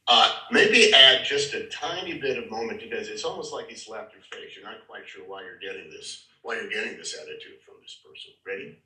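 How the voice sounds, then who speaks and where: Male acting teacher lecturing a class, throat-clearing, picked up from across an echoing room. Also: fairly low pitch, animated, brisk, sharp tone. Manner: talks directly to the class. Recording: roomy hall, far from the mic.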